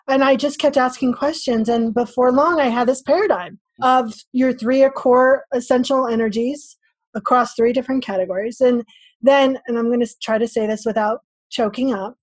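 Animated woman telling stories. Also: a little high, moderate pace, no room sound. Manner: animated, acts out quoted voices. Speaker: podcast guest, spiritual teacher. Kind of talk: casual storytelling interview.

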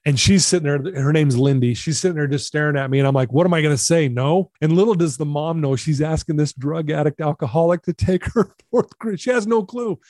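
A middle-aged man recounting a personal story as an interview guest, earnest and animated, acting out the dialogue. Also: a little high, fairly quick, hardly any pauses, no echo, clean studio sound.

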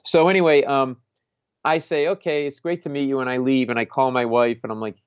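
A male stand-up comedian tells a story in an animated way, often acting out the voices of the people in it and laughing as he goes. His voice comes through muffled and a little lo-fi. The sound is dry, with almost no room echo. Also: medium pitch, a little fast, clean tone. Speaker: stand-up comedian, podcast host. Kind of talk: casual anecdote on a talk show.

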